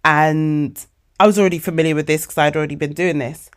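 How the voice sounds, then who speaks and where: A woman of forty, hosting a casual motivational podcast monologue, animated and emotional, calling her listeners babes. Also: sits low, fast talker. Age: 40s. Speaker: podcast host.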